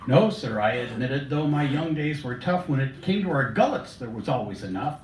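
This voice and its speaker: A man's voice: normal speed, few pauses, slight background noise. Genial man reciting verse in a roomy cafe. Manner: genial, storytelling, animated pitch. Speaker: open mic poet. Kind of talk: reciting a rhyming poem. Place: small cafe indoors. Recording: roomy cafe, distant mic.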